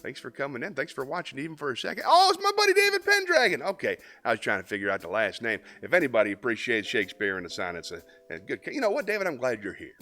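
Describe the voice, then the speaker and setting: A man's voice: medium pitch, fast, hardly any pauses, faint music behind. Chill guy hosting a live stream, rambly with lots of uh's, voice moves around a lot. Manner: relaxed and rambling, frequent "uh" fillers. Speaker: host of a live stream show. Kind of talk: casual live stream chat.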